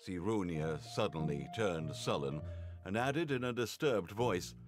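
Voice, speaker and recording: A man narrating a game's story in an expressive storybook way. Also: deep voice, a little slow, music in the background.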